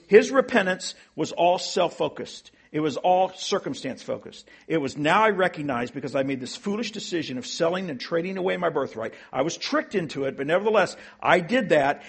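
A pastor giving an earnest sermon, teaching with rhetorical questions and frequent restarts. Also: male voice, a little high, fairly bright tone, breathy edge.

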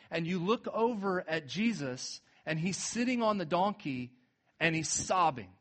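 A male pastor delivers a sermon in a fairly high voice. He tells the scripture in a relaxed, conversational way, pushing up to emphatic peaks and then sinking low and quiet for weight. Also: unhurried. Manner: retells scripture in a casual, conversational way.

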